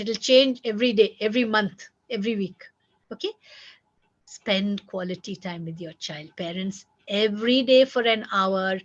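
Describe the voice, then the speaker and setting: A woman giving parenting advice, emphatic and repetitive, acting out children's words as she teaches. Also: on the high side. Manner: emphatic, repeats key points, acts out children's lines. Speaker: parenting coach. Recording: dull lo-fi recording.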